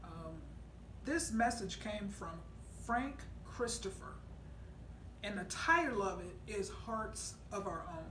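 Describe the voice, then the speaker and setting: A woman's voice: mid-range voice, slow pace, a little hiss or hum. Woman trainer, far off in an echoey room. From United States. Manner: animated storytelling, many fillers and restarts. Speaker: sales trainer and consultant. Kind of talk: casual teaching talk.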